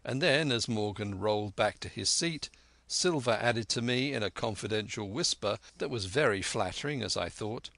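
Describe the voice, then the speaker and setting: A man narrating a classic adventure novel as an audiobook in measured storytelling. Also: on the low side, animated, vocal fry, a bit bright, no echo. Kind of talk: scripted narration.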